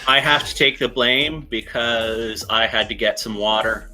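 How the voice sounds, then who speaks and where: A man chatting as a game developer guest, with dry deadpan humor and hesitant fillers. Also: mid-range voice, measured pace, soft background music. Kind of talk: casual interview chat.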